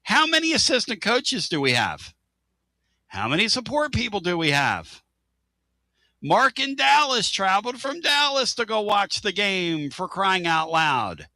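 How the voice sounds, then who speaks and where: An exasperated sports talk host rants in a high, bright, sharp voice that leaps up and down. He fires sarcastic asides at his listeners. The sound is close and dry, with no room around him. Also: sing-song, a little slow, dry recording.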